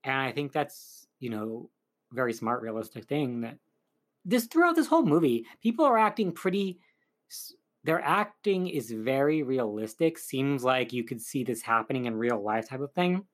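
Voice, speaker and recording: A film reviewer casually walks through a movie's plot, meandering and filling his talk with "like" and "um." He has a mid-range, very animated voice and speaks at normal speed.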